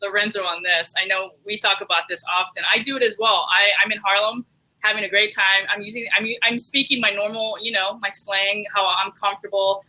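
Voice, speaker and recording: Panel host on a video call, really bright crisp voice, stops and restarts a lot. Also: medium pitch, fairly even intonation, poor audio. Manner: warm, halting, restarts often, laughs along. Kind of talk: moderating a panel discussion.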